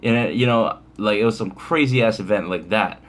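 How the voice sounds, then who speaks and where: A man's voice: lowish voice, fairly quick. A young man casually telling a rambling, profane story, full of fillers, for his vlog. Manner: laid-back, profane, rambling with many fillers. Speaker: vlogger.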